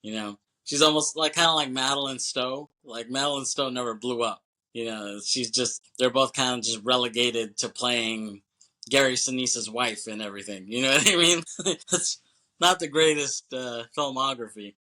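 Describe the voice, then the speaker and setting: A podcast co-host rambles through a casual movie chat in a bright, medium-pitched voice with a steady tone. He swears casually and acts out movie lines in quick voices.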